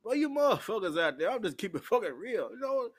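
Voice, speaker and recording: A man's voice: high-pitched, sing-song, fast talker. A man, rambling profanely through a live-stream monologue while intoxicated. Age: 40s. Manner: profane, rowdy, loose storytelling.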